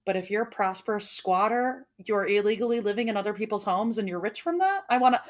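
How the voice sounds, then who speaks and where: A woman's voice: medium pitch, expressive, fast. A woman hosting a podcast, reading out a mystery in a casual, jokey way with frequent laughs and swearing. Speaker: podcast host.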